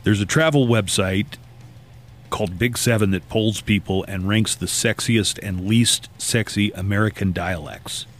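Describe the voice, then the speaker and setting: A man's voice: lowish voice, a little slow, faint music behind. Man hosting a joking chat show. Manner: reads out items and riffs on them jokingly. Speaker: show host. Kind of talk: casual chat.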